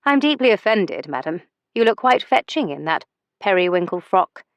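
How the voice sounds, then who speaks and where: A charming young gentleman gambler with a gallant, teasing way of talking, as a woman narrator reads him. His lines sit at an everyday middle pitch and are recorded very dry and close. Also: sing-song, moderate pace, no echo, dull audio. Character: charming young male gambler posing as an heir.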